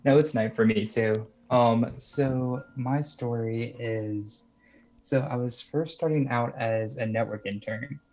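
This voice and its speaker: A man's voice: medium pitch, slow pace, darkish tone. A young man calling in to tell a story in a casual, rambling way, full of "like" and "you know". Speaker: caller sharing a story. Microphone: video call. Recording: muffled lo-fi call audio.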